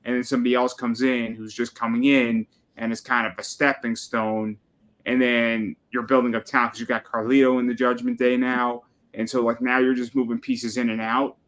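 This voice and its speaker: A man's voice: mid-range voice, flat delivery, moderate pace, a bit bright. A man co-hosting a casual chat, laying out his reasoning in an easygoing, analytical way. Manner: analytical, laid-back, agreeable. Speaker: podcast co-host.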